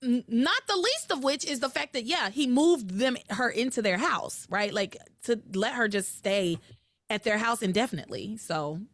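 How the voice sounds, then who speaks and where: A woman hosting a podcast, casually recapping a soap opera and acting out its dialogue in lively voices. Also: fairly high pitch, moderate pace. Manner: animated storytelling, acts out dialogue with voices.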